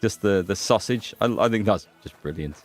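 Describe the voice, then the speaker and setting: A man's voice: on the low side, a little fast, faint music behind. A man hosting a gaming playthrough, chatting, joking and thinking aloud. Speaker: gaming host. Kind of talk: let's play commentary.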